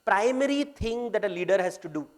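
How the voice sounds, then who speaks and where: A man's voice: sits high, animated, a little fast. A man with an Indian English accent giving a workshop talk on leadership, telling stories from myth and slipping Hindi phrases into his English. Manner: mixes Hindi phrases into English, retells myths. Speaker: workshop speaker. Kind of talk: storytelling business lecture.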